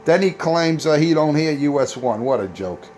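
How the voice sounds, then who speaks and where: A man's voice: on the high side, animated, normal speed, a little mellow, a little hiss or hum. A man hosting a casual CB radio video, boasting and taunting rival operators with trash talk. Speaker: CB radio operator and channel host.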